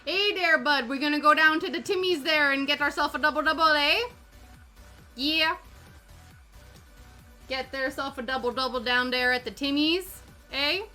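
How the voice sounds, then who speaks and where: A woman's voice: high-pitched, normal speed, pauses often, pushed and bright, soft background music, voice pushed up. A woman putting on a chummy, laid-back stereotypical Canadian guy with an exaggerated Canadian accent, drawling and ending lines with "eh". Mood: hammy. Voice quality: drawling, tacks "eh" onto lines.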